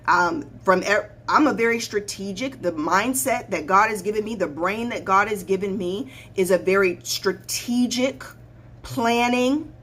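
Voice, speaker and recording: A woman life coach hosts her own livestream, addressing viewers directly in a blunt, preachy manner and repeating points to drive them home. Her mid-range voice is animated and fairly bright, moving at a normal speed. There's a faint hiss or hum in the recording.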